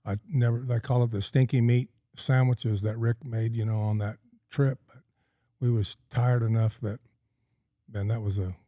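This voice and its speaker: A man's voice: medium pitch, fairly even intonation, moderate pace, dark tone, no room sound, clean studio sound. A middle-aged man from California, a podcast guest telling a long story in a folksy, rambling way with plenty of ums and uhs. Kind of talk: casual storytelling in a podcast interview.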